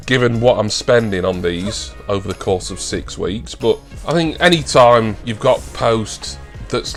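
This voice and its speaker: Over faint background music, a low-voiced British man unboxes toys for his collector vlog, chatting warmly before breaking into excited gushing.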